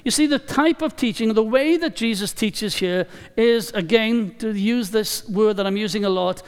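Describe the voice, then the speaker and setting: High, resonant-voiced preacher in reverberant hall. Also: male voice, smooth. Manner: emphatic, deliberate preaching with repeated phrases. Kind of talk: sermon. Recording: long reverb of a large hall.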